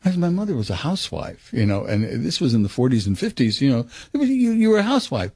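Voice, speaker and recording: A man's voice: medium pitch, fast, slightly rough, no room sound. An older man in an interview, telling stories with acted-out quotes and hesitant restarts. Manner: animated storyteller, acts out quotes, hesitant restarts. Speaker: actor guest. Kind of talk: candid interview conversation.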